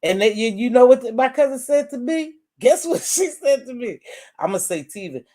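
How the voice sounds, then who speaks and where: A woman in her sixties who speaks at a middling pitch. She tells a long family story to a live audience in a relaxed, chatty way, full of asides and lively retellings. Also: moderate pace. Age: 60s. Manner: animated, chatty, calls listeners "baby" and "y'all". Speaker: guest telling a family story.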